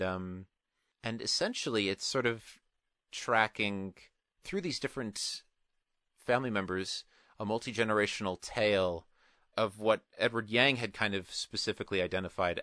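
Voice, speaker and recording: A man with a lowish, bright and forceful voice talks through a film in a casual podcast chat. He circles back, restarts and piles on qualifiers as he goes. The sound is dry and close. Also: no echo. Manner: rambling, many restarts and qualifiers. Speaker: podcast co-host.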